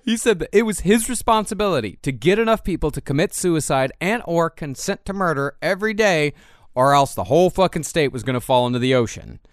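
A man's voice: fairly high pitch, animated, fairly quick, no echo, studio quality. Man recounting facts plainly. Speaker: podcast co-host. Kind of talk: comedic true-crime podcast chat.

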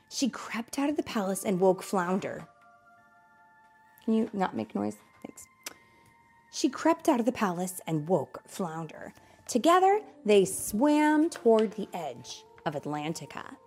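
A young adult mother reading a bedtime storybook aloud, animated, with playful asides. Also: mid-range voice, slightly rough.

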